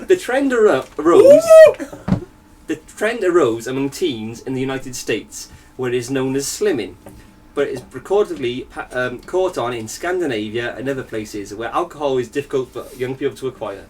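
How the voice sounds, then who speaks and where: Lad chatting, slightly distant mic. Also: male voice, mid-range voice, animated, moderate pace, slight background noise. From Wales. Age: young adult. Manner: chatty, laughs often, reads a news story aloud. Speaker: podcast co-host. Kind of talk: casual banter.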